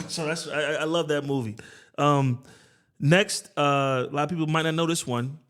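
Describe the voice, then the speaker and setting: A man's voice: a little high, steady tone, normal speed, a bit bright. Rambling, playful male podcast host. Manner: rambling, playful, stumbles and repeats words. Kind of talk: casual chat.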